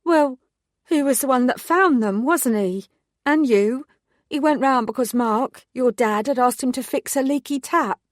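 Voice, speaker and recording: A woman's voice: high voice, measured pace, no echo, clean studio sound, voice pushed up. A woman voicing an effusive, gossipy village woman in her mid-forties in an audiobook. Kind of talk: audiobook character voice.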